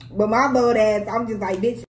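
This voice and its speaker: A young woman dishing a storytime with profane emphasis. Her voice is mid-pitched and swings in big jumps between excitement and low asides. She sounds like she is in an echoey room with a faint hiss behind her. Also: a little slow. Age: young adult. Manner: animated, profane, dramatic retelling with laughs. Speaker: vlogger. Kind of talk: storytime vlog, casual chat.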